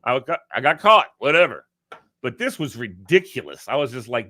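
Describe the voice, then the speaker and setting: A man from Virginia, co-hosting a casual talk show, telling an animated story and acting out the quotes. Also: mid-range voice, normal speed. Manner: animated, acts out quotes, laughs often. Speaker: podcast co-host.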